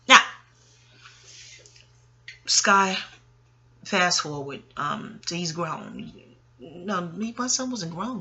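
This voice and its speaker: A woman in her late forties telling family stories in a casual, rambling monologue, chatty and frank, arguing with herself and swearing. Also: mid-range voice. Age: late 40s. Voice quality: animated, talks back to herself. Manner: chatty,喜 laughing asides, profanity. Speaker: audio blogger.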